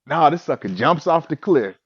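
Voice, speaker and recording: High-voiced man telling a funny story. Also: moderate pace, breathy edge, dull audio. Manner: animated, acts out his own reactions. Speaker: vlogger telling a personal story. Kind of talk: casual comedic storytelling.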